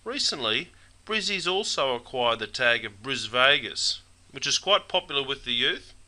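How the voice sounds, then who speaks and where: A man's voice: medium pitch, expressive, moderate pace, pushed and bright, rough recording. An Australian man narrating a jokey scripted slang lesson, broad and playful, dropping mate into every line. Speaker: slang teacher.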